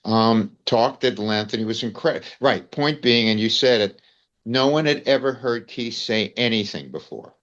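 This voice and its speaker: A man's voice: medium pitch, expressive, moderate pace, fairly bright tone, muffled recording. An older man with a New York accent, telling rambling anecdotes as an interview guest, peppered with "you know" and "man". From United States. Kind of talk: storytelling in casual conversation.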